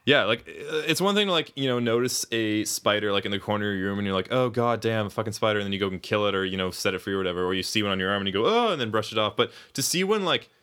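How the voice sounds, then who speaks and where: A man's voice: lowish voice, lively intonation, very fast, hardly any pauses, bright, forceful tone, clean tone. A man co-hosting a podcast in casual chat, rambling, swearing often and laughing mid-sentence. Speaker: podcast co-host.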